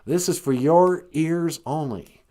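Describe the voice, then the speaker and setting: A man's voice: a little high, slow, mellow. A man doing a comic impression of a brash former president as a folksy redneck caller, with an exaggerated drawl, calling people "man" and "son". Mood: scheming. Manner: exaggerated folksy drawl, boastful, calls people 'man' and 'son'.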